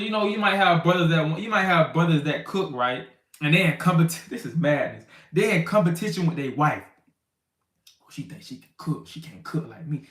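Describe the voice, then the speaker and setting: A man's voice: sits high, roomy sound. Man casual street-talking Bible teacher. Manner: conversational, loose street talk with many "you know what I'm saying"; acts out quarrels in raised, shouting voices. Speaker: teacher of a congregation.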